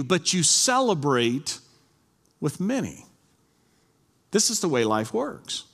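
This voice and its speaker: A man's voice: high-pitched, fairly bright tone. A man preaching a sermon as pastor, reading scripture aloud and urging his congregation earnestly, recorded in a church. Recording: long hall reverb.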